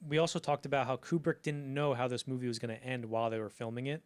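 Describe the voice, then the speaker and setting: A man co-hosting a film podcast tells anecdotes in a loose, chatty way. He jumps into the quoted voices as he tells them, and his pitch sits in an ordinary middle range. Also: fast, clean tone. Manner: animated storytelling, acts out quoted lines. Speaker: podcast co-host. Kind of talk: casual film history chat.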